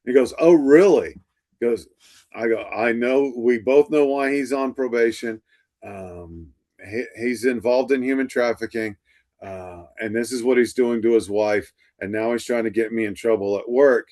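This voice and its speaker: A man's voice: medium pitch, moderate pace, darkish tone. A middle-aged male instructor lecturing to a class, telling stories and acting out the dialogue. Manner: storytelling, acts out quoted dialogue.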